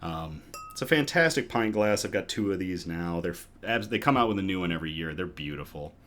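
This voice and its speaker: A man's voice: low-pitched, lively intonation, fairly quick, fairly bright tone. A man hosting a casual live good-news show from home, chatty and upbeat, a little out of breath. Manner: chatty and upbeat, with chuckles and restarts.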